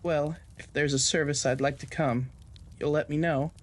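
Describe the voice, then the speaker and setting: A gentle, cautious young nurse, played by a man who pushes his voice high speaks in a soft, nervous way. She sounds anxious and careful in this spoken Western horror tale. Her tone keeps the worried hush of someone out of her depth. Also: steady tone, normal speed, close to an everyday voice. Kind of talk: audio drama narration.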